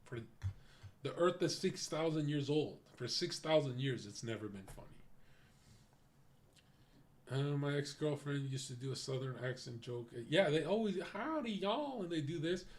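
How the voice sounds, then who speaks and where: A male streamer ranting bluntly to his chat with a noticeable lisp. His pitch sits in an ordinary middle range. He rambles in a casual, profane, off-the-cuff way. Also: normal speed, pauses often. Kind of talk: casual reaction-stream commentary.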